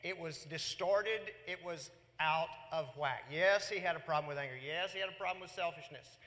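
Man, sermon, high bright voice, long hall reverb, animated preaching. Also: normal speed. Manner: animated preaching, voices God and Jonah in quotes. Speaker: pastor.

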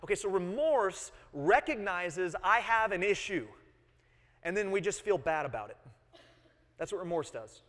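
A man's voice: high-pitched, animated, normal speed, fairly bright tone. A man in his thirties preaching a sermon, earnest, explaining and repeating key phrases and putting questions to the congregation. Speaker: pastor. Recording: long hall reverb.

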